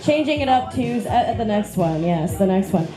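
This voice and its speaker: A woman's voice: mid-range voice, animated, normal speed, dark tone. A woman hosting a comedy show, bantering sassily and introducing the next comedian on stage. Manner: upbeat, sassy banter. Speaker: show host. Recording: roomy club with music playing.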